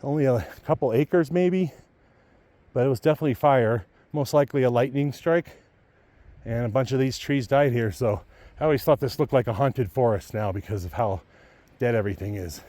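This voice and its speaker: A man vlogging while hiking through deep snow in a mountain forest, out of breath and panting between remarks. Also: normal speed, mellow, no echo. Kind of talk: casual trail commentary. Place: snowy mountain forest outdoors.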